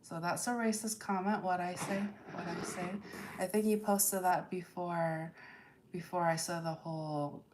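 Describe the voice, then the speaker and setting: A woman's voice: on the low side, steady tone, background noise. A woman hosting a tarot livestream, reading viewer comments aloud and firmly setting chat rules. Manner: slow and deliberate, firm about chat rules.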